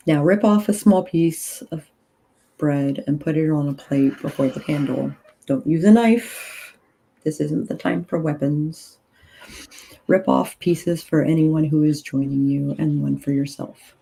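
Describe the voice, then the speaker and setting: A groggy woman leading a ritual on a casual livestream, reading prayers aloud in an unhurried way with loose asides. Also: sits low, gravelly, warm tone, slightly rough, poor audio. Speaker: ritual leader and tarot reader.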